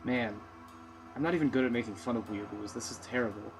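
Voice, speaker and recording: A man's voice: medium pitch, fast talker. A man chatting through a playthrough with a sarcastic, self-deprecating streak. His commentary rides over faint background game music, casual and off the cuff. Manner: sarcastic, self-mocking asides. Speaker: let's player.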